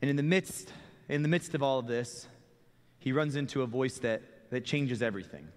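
A young man, a student ministry pastor, preaching a sermon in a relaxed conversational way and often repeating words as he starts a phrase. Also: medium pitch, normal speed, smooth. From Texas. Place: church sanctuary. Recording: long reverb of a church hall.

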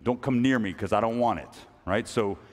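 A man's voice: mid-range voice, big-room sound. A man preaching a conversational sermon in a church service, talking casually with many restarts and acting out little everyday scenes. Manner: casual, halting, with many restarts and acted-out asides. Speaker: pastor.

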